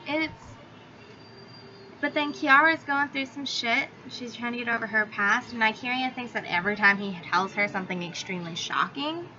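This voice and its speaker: Bright-voiced chatty young woman vlogger. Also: fairly high pitch, normal speed. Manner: chatty, filler-heavy, swears freely. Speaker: book reviewer. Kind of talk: casual book review vlog. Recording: slightly dull audio with faint hiss.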